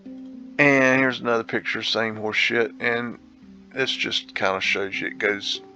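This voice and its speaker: Slow-talking man musing over photos. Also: medium pitch, sharp tone. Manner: rambling, musing, slangy asides. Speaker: host. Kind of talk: casual photo-tour commentary. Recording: dull lo-fi sound with faint guitar music.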